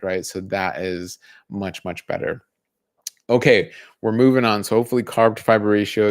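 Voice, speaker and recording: A man's voice: fairly low pitch, no echo, studio quality. A man in his thirties, a dietitian hosting a live stream, explaining casually and counting off points in a list. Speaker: dietitian host.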